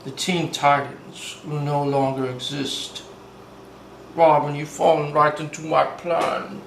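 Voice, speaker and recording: Menacing male villain, low and hushed, cold and scheming, put on by a man in a roomy space. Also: level tone, slow, gravelly, a little hiss or hum, full character voice. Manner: low, hushed, half-whispered threats.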